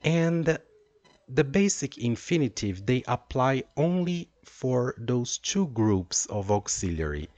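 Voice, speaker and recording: A man teaching an English grammar lesson, explaining slowly and reading out example sentences. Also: medium pitch, big pitch swings, darkish tone, no room sound, highs cut off. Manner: slow, deliberate explaining with drawn-out example sentences.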